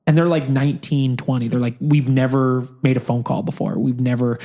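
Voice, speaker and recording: Gravelly guy in his 30s, podcast cohost, rambles and restarts a lot. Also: medium pitch, little pitch movement, fairly quick, hardly any pauses, mellow. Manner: rambling, restarts mid-thought, laughs often. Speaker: podcast co-host. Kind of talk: casual podcast chat.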